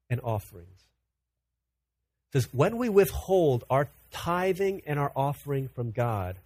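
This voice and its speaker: A man preaching a sermon in an animated way, often repeating words as he builds a point. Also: mid-range voice, no echo. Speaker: pastor.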